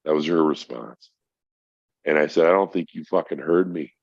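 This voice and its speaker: Very deep-voiced middle-aged man, swearing freely. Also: moderate pace, breathy edge, no echo. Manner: profane, emphatic, addresses host as bro. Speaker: podcast guest. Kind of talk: casual storytelling chat. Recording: dry, dull lo-fi sound.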